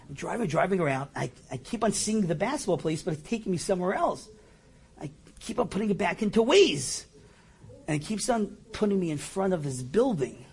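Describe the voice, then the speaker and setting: A middle-aged man with a fairly high voice recounts a personal anecdote. He is animated and self-mocking, and he acts out his own lines as he tells it. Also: moderate pace. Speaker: storyteller. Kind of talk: personal anecdote told to an audience.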